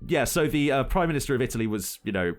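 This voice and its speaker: Young guy cohosting a chill podcast, middle pitch, laughs a lot while telling stuff. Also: lively intonation, fast talker, faint music behind. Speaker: podcast co-host. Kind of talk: casual conversational podcast.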